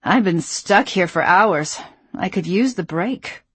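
A woman voicing a tired, blunt nurse who is worn out from a long shift and speaks in a gruff, offhand way. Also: mid-range voice, animated, slow pace, a bit bright, dry recording, full character voice. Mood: weary.

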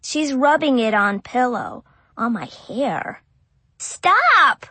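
A woman's voice: a little high, big pitch swings, slow, husky, no echo. A woman reading an audiobook in first person as a small child, with simple childlike phrasing. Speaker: audiobook narrator.

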